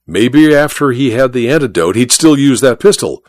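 A male storyteller hosting a mystery hour, narrating with lively, wide-ranging pitch and dramatic emphasis. His voice sits in an even middle register, recorded close and dry. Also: moderate pace, no echo. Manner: expressive, dramatic delivery.

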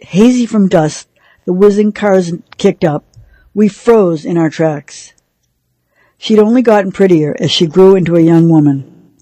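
Measured woman reading a novel aloud. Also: fairly low pitch, dark tone, no room sound, low-quality recording. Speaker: radio reader.

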